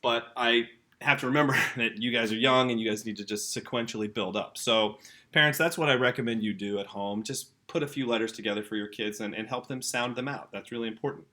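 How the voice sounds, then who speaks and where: With a bright, forceful, mid-range voice, a man briskly teaches a casual home-school lesson. He's enthusiastic and talkative, addressing the children and their parents head-on.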